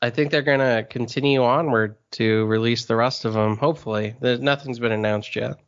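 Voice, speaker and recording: A man's voice: mid-range voice, steady tone, fairly quick, smooth, dull audio. A man co-hosting a podcast in easygoing casual chat, chuckling between remarks. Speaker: podcast co-host.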